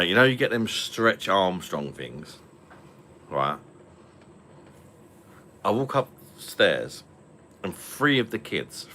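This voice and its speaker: Low-voiced man chatting over beers. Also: sharp tone, slight background noise. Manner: swears freely, laughs often, rambling anecdotes. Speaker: host of an online pub stream. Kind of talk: casual chat over beers. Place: at home.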